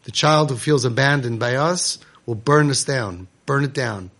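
A man's voice: medium pitch, normal speed, a bit bright. A man giving an impassioned Torah sermon to parents, emphatic and repetitive as a speaker and guide.

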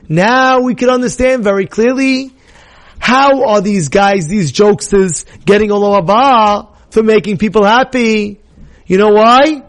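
A middle-aged man preaching with a bright, high voice. He swings from low, hushed storytelling to loud, excited bursts and mixes Hebrew terms into his sermon. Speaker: rabbi giving a weekly Torah talk. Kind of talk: animated sermon.

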